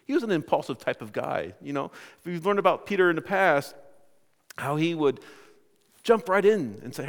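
A man preaching a sermon in a conversational, animated way, often restarting his phrases. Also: high-pitched, a little fast, long reverb tail. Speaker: pastor.

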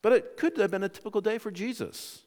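A man preaching a sermon in a conversational, animated way, often restarting his phrases. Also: high voice, fast, long reverb tail. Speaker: pastor.

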